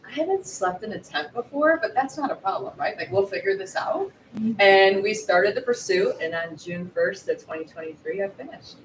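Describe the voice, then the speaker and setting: A woman in her forties, an author guest, telling her story in a lively way at a live book event, acting out quotes. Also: mid-range voice, normal speed. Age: 40s. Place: bookshop event space. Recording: roomy echo, distant mic, faint noise.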